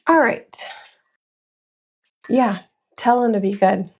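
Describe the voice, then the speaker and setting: A woman's voice: fairly high pitch, slow pace, a little mellow, husky, lo-fi sound. A woman in her thirties chatting casually to her livestream viewers while she crafts in a small room at home, calling them y'all. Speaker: crafter and live seller.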